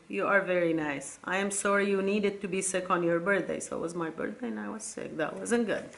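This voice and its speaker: A middle-aged woman reading old letters from her sons aloud, tender and halting, close to tears. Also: medium pitch, fairly bright tone. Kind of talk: emotional casual vlog reading.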